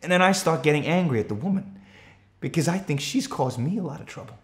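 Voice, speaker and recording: A man's voice: a little high, animated, fast talker, natural voice. A man playing an anxious, defensive countryman. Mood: troubled. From Australia. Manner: earnest, rising to urgent shouts when retelling the chase. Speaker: actor performing a stage monologue. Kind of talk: theatrical monologue.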